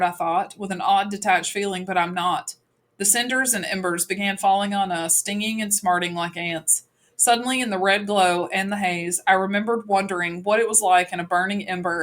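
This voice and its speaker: A woman's voice: medium pitch, a bit bright. Woman reading an audiobook. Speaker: audiobook reader. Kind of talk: audiobook narration.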